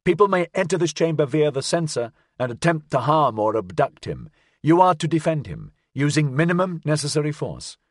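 A man voices a wounded, decisive woman agent with a clipped, commanding manner, pitching above his own natural voice. His delivery is fairly high with big pitch swings at a normal speed, in a clean studio recording with no room sound.

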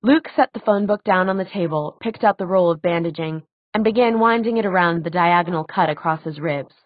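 A woman narrating an audiobook in a measured, even storytelling manner. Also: lowish voice, no room sound, narrow, tinny audio.

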